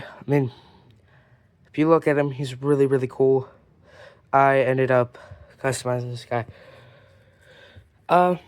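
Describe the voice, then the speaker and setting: A man's voice: mid-range voice, clean tone, dry recording. A man from Ireland showing off his toy collection in a casual, rambling way, with many fillers and some near-whispered asides. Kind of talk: casual collection show-and-tell.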